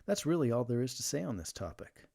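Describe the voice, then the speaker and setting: Gravelly-voiced man hosting a casual livestream. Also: mid-range voice, very animated, fast talker, warm tone. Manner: chatty, reads jokes aloud while sleeving cards. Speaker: livestream host. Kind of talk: casual livestream chat and joke reading.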